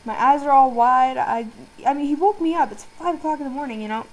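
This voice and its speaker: A woman's voice: sits high, fairly quick, poor audio. A teenage girl chatting casually to her camera, rambling and giggling as she tells a story. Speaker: vlogger.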